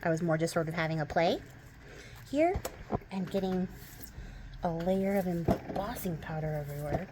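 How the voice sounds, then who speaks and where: A young woman from the western United States, with a light Texas twang over a West Coast accent, hosts a crafting channel and rambles casually about her crafts. Her fairly low voice is animated and moderately paced, full of fillers, laughs and frequent pauses, over a noisy background.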